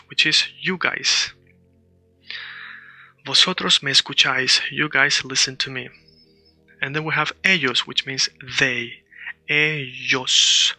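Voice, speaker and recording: A man teaching a beginner Spanish lesson, patiently explaining step by step and repeating words slowly. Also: medium pitch, vocal fry, sharp tone, no room sound, rough recording.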